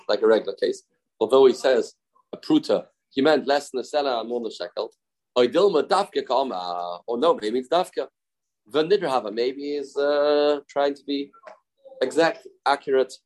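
A man's voice: medium pitch, a little mellow, rough recording. A man teaching a Talmud study lesson in a conversational way. He repeats his points, gives everyday examples and mixes English with Hebrew and Aramaic study terms.

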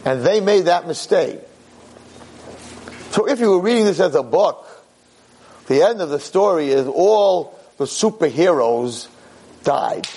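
Impassioned rabbi lecturing. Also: male voice, animated, measured pace, pauses often, slight background noise. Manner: impassioned, shifts between low grave tones and sharp raised outbursts. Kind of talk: Torah lecture.

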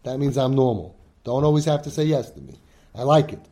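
Emphatic man a dark voice. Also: medium pitch, lively intonation, a little fast. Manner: emphatic, acts out children's pleas, mixes in Yiddish and Hebrew words. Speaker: group leader speaking to siblings. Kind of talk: impassioned talk to a support group.

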